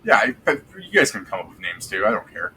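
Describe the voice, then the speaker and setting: A man with a bright, forceful voice runs a tabletop game session. He rambles loosely through the scene, cursing casually, with faint noise underneath. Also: low-pitched, sing-song, fast talker, poor audio. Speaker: game master.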